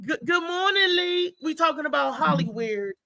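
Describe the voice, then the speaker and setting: Woman, show host, casual live chat, gravelly, dry close sound. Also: high-pitched, expressive, moderate pace, sharp tone, dry recording, low-quality recording. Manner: chatty, loose, talks straight to viewers.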